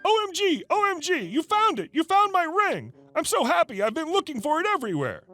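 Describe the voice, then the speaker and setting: A man voicing a brazen, pushy woman customer who lies, in a high, excited, demanding tone. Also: moderate pace, no room sound, exaggerated voice. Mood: gushing.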